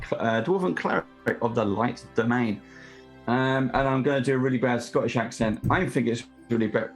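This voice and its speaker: A man playing a tabletop game, describing his character with earnest enthusiasm. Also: mid-range voice. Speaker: player. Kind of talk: casual tabletop chat. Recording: faint background music.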